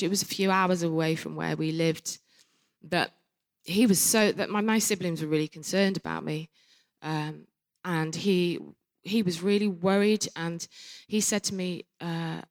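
A woman with a lowish voice shares her personal testimony from the front of a church. She speaks earnestly and candidly, letting her sentences trail away softly before picking up again.

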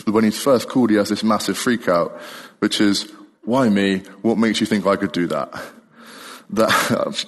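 A man's voice: fairly low pitch, big-room sound. A young man preaching a sermon in a casual, chatty way, often laughing as he talks. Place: church.

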